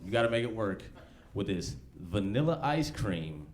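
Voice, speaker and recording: A man's voice: lowish voice, very animated, moderate pace, noisy background. A man putting on a cooking-contest host who announces a challenge in a mock-serious way. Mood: mock-solemn.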